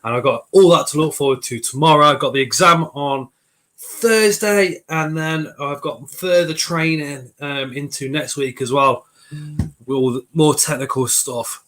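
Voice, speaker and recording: A man's voice: fairly high pitch, a little slow, a bit bright. Chatty man in his forties. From Coventry, England. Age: 40s. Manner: chatty, greets viewers by name. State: getting over a cold. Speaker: live stream host. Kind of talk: casual live-stream chat. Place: home kitchen.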